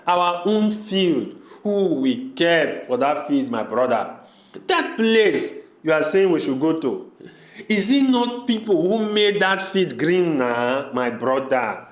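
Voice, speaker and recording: A man's voice: high voice, exaggerated voice. An actor playing an earnest man who pleads with his brother not to leave their homeland, repeating his appeals in an echoey room. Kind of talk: amateur audio drama acting.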